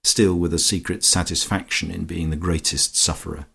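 A man reading a comic novel aloud as an audiobook narrator, measured and dryly comic. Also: deep voice, fairly even intonation, creaky, a bit bright, slightly rough. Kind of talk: scripted narration.

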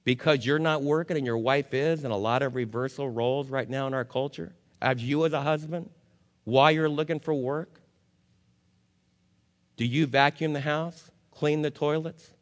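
A male pastor preaching a sermon, firing rhetorical questions at the congregation and swinging from loud emphasis to low, somber warnings. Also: fairly even intonation, normal speed. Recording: long hall reverb.

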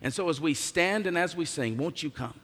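A man's voice: on the high side, expressive, moderate pace, a bit bright, breathy edge. A man preaching a sermon as pastor, emphatic, his voice swelling and dropping in volume. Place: church sanctuary. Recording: long hall reverb.

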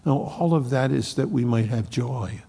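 A man preaching a sermon, swinging from loud emphasis to hushed near-whispers. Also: mid-range voice, normal speed, in a large hall. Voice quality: gravelly, husky voice. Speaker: pastor.

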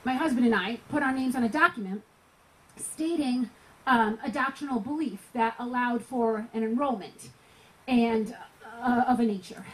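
A woman's voice: a little high, moderate pace, low-quality recording. A woman preaching at a gospel tent meeting, telling a personal story earnestly, sometimes laughing.

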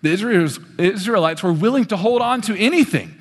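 A young man on a stage preaching a sermon in an animated way, swinging his pitch as he acts out the voices he quotes. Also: brisk, husky. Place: on a stage in a large hall. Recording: long hall reverb.

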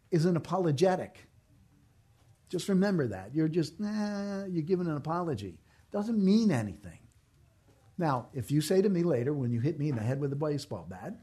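A man's voice: a little high, sing-song, moderate pace, dark tone, slightly rough. A man delivering a sermon as a pastor, earnest and emphatic, repeating his key phrases.

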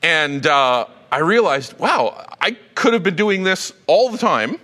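A middle-aged male pastor preaching a sermon in a conversational, animated way, often restarting his sentences. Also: a little high, a little slow, long reverb tail.

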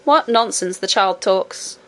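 A woman voicing a brave, practical young miner boy in a storybook reading, with brisk, matter-of-fact speech. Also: medium pitch, natural voice. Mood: plucky.

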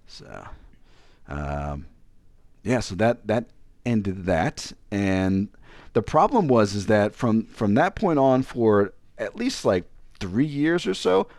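Virginia guy rambling thru a story, makes fun of himself, restarts a lot, lowish voice, dry close sound. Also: very animated, slow, darkish tone, dry recording. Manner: rambling, self-deprecating, frequent restarts. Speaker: podcast co-host. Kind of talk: casual storytelling chat.

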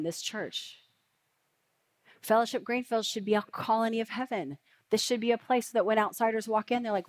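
A woman in her forties preaching a sermon and telling a personal story in a lively, chatty way. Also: a little high, normal speed.

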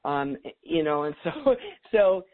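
A man's voice: a little high, takes it slowly. Chatty middle-aged man over a tinny line. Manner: chatty, laughs often, full of restarts. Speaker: guest expert. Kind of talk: podcast interview.

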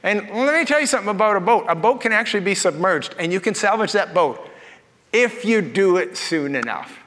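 Man with a high-pitched voice, pastor preaching in a sermon, folksy storyteller with jokes, reverberant hall. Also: expressive, a little fast, a bit bright.

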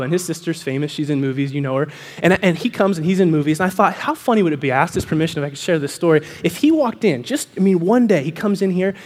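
A man pastor, preaching a sermon in a church, telling stories and acting out voices before building to a fervent proclamation. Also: a little high. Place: church sanctuary.

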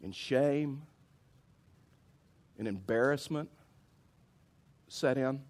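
A middle-aged man, a pastor preaching a sermon as a lively storyteller who acts out his own reactions. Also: medium pitch, drawn-out words. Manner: animated storyteller, acts out his own outbursts, many restarts.

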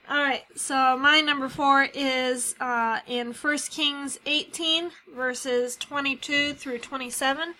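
A woman with a high, bright voice talks in a relaxed, conversational way as a co-host. She lays out the story step by step. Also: poor audio. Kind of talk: casual chat retelling stories.

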